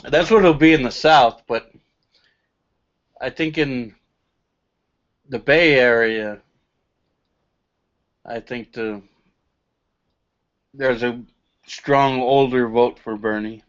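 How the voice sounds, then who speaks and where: A man's voice: medium pitch, slow pace, pauses often. Co-host guy reading numbers off a site, lo-fi muffled audio. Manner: reads results aloud, thinking out loud. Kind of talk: casual live-stream commentary. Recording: dull lo-fi stream audio.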